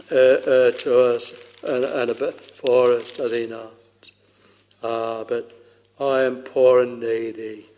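A man with a mid-range, slightly mellow voice preaches with old-style fervor, now and then swelling into a half-sung chant and calling his listeners "dear soul." Long hall reverb fills the recording.

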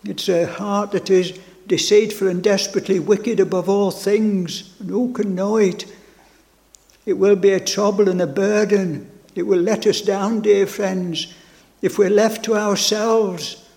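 Slow, high-voiced preacher in a reverberant hall. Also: male voice, vocal fry, darkish tone. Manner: slow, fervent preaching with repeated phrases and stammered restarts. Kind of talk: sermon.

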